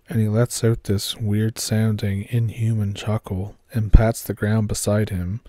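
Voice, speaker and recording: A man narrating a horror story in a steady, measured way. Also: fairly low pitch, dry recording, clean studio sound.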